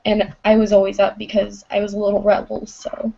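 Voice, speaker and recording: A woman's voice: mid-range voice, completely flat delivery, a little fast, creaky, warm tone. A seventeen-year-old girl from Kansas, sick at the moment, calling in to tell a ghost story, hesitant and full of "um" and "like". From Kansas, USA. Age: teens. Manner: hesitant, many "um" and "like" fillers. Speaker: caller. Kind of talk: telling a ghost story on a voice call. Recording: dull lo-fi voice chat audio.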